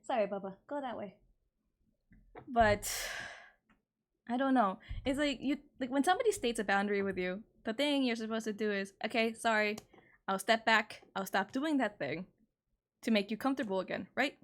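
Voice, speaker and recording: A slightly bright-voiced woman in her twenties, speaking at a moderate pace, streams from home and tells a personal story in casual conversation. She sounds exasperated and candid, curses freely, and jumps up in pitch when indignant.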